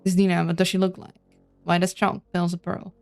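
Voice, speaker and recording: A woman with a lowish voice and a fry-edged, gravelly texture talks her way through a story game. She reads the dialogue aloud and adds chatty, playful asides, sometimes tripping over names. Soft music plays faintly behind her. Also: level tone, fast talker. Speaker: let's-play streamer. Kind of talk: casual game playthrough, reading on-screen text aloud.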